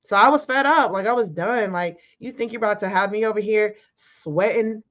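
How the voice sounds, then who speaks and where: A woman speaks as an interview guest, telling her story in an animated, emphatic way and acting out the lines people said to each other. Her voice sits at a middle pitch. The recording sounds dull and lo-fi. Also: moderate pace. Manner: emphatic, animated, acts out quoted arguments. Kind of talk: casual storytelling.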